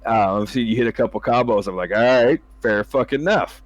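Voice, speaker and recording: A man's voice: medium pitch, a little fast, a crowd in the background. Laughing, profane gamer host man. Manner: profane, laughs often, acts out what he'd say to teammates. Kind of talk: casual chat.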